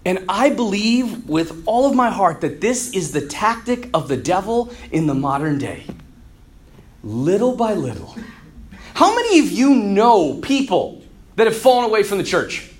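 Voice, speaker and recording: Man, Catholic speaker, energetic preaching, joking, acts out characters, animated intonation. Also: high voice, a little slow, a little hiss or hum. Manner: energetic and jokey, acts out quoted characters, clears throat often. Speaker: Catholic speaker who does marriage counseling. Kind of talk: animated preaching talk to a youth audience.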